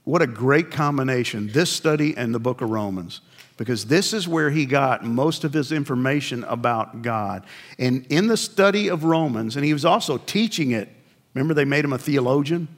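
A man's voice: medium pitch, animated, normal speed. An older male pastor preaching a sermon in a conversational storytelling way, with wry acted asides.

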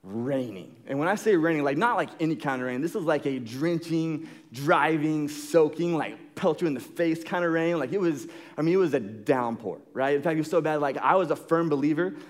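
A young adult man preaching, telling a story in a casual, animated way with lots of fillers. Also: a little high, a little fast, few pauses. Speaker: pastor. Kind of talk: sermon storytelling.

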